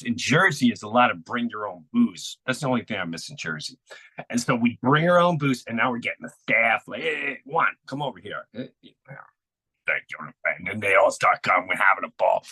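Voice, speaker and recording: Bright-voiced man telling stories. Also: medium pitch, no room sound, low-quality recording. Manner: animated, acts out quotes, emphatic. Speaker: podcast guest. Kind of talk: conversational storytelling.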